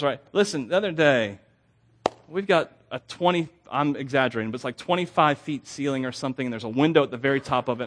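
A young man preaching a sermon, telling stories in an animated, self-deprecating way with frequent laughs. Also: on the high side. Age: young adult. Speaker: pastor.

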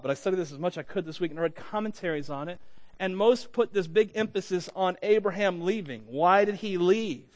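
A pastor preaching a sermon to his congregation, reading scripture and then talking it through in a conversational, self-deprecating way. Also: high-pitched. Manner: conversational, self-deprecating, chuckles between points.

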